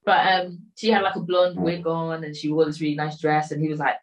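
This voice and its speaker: Casual woman, lowish voice, rambling recap full of quoted lines. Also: steady tone, quick pace, hardly any pauses, low-quality recording. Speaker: storyteller recapping a film. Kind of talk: casual chat.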